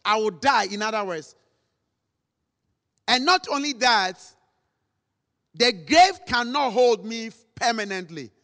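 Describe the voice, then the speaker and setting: Male preacher, slow deliberate delivery, lively pitch, sermon in a long-reverb hall. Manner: dramatic, acts out quotes, rises to shouts.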